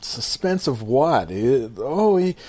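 Rambling, lively-voiced podcast man. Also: on the low side, moderate pace. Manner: rambling, laughs often, profane. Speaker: podcast co-host. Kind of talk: casual chat.

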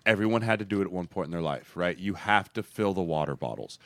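A man's voice: low voice, expressive, quick pace, a bit bright, dry recording. A man in his thirties, a former football player co-hosting a podcast, talking with energy in a coaching tone and acting out what others said. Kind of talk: casual podcast chat.

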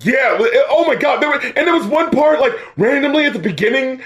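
A man's voice: extremely high pitch, expressive, a little fast, a bit bright. A man co-hosting a casual podcast chat, loose and profane, laughing often and acting out reactions. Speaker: podcast co-host reviewing albums.

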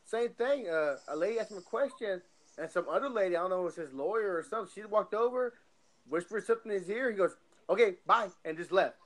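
A man's voice: high voice, lively intonation, fast talker. A man in casual chat with friends, joking, swearing and mimicking people.

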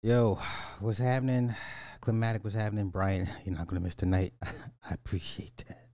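A man hosting a casual live show, greeting chat viewers by name in an animated, playful way. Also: on the low side, normal speed, no room sound, clean studio sound. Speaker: host.

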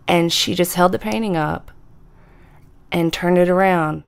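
Low-voiced woman telling a ghost story. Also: vocal fry, clear, resonant tone. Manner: measured, deliberate storytelling with slowed emphasis. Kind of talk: personal storytelling podcast. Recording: music bed under the voice.

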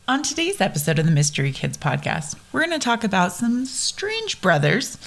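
Woman, podcast host, casual chat for kids, gushing, chatty, quick asides. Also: medium pitch, wildly swooping pitch, gravelly. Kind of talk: casual chat to young listeners.

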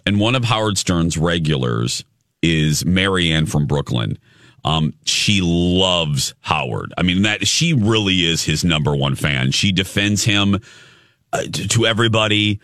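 A man with a low, bright voice hosts a morning radio show from a studio. He chats casually and tells stories with animation, laughing often. The sound is close and dry, with no room around it. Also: animated, measured pace, no echo. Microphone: studio microphone.

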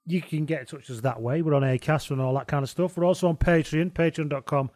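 A man's voice: fairly high pitch, quick pace, a little mellow, dry recording. A man co-hosting a podcast in casual, sweary, joking banter. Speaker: podcast co-host. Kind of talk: casual chat.

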